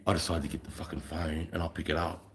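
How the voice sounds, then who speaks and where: Deep-voiced man telling a crude army story. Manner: profane, boastful, swaggering.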